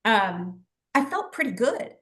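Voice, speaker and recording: A middle-aged woman, a guest psychic medium, telling her story in a lively, chatty way, laughing often and acting out what she said back then. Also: a little high, slow. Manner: animated, chatty, laughs often, acts out her own past words. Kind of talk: casual storytelling in a talk show interview.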